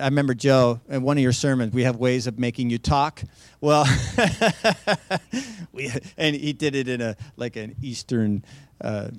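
A man's voice: sits high, clear, resonant tone, dry recording. A man teaching a Bible passage as a sermon, in a conversational way with many fillers, restarts and jokey asides.

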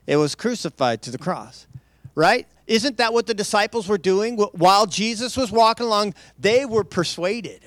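High-voiced man preaching casually. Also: animated, moderate pace, fairly bright tone, no echo. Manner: loose, chatty delivery with many restarts and asides; laughs lightly between points. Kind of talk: conversational sermon.

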